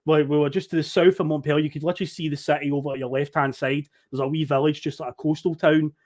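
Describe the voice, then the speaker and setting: A Scottish man spinning a long, animated story for a podcast, swearing freely and laughing along. His voice sits a little high for a man, and he talks over an online call. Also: fast. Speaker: podcast guest. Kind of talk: casual storytelling.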